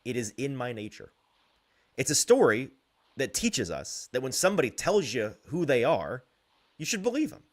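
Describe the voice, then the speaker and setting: A man hosting a sports talk show, reading out fan comments and ranting in an animated way with frequent chuckles. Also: mid-range voice. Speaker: sports podcast host.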